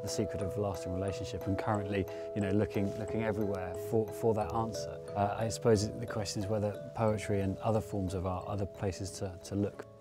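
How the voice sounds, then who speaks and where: A man presenter with a lowish voice chats casually, sounding practical and a little wry. Music plays clearly behind his voice. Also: level tone, a little fast, hardly any pauses. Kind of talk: casual travel chat.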